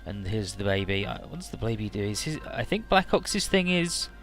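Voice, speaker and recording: A man's voice: on the low side, big pitch swings, normal speed, a bit bright, faint music behind. Joking, rambling man playing a game. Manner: rambling, joking, offhand swearing. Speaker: let's play host. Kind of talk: casual game commentary.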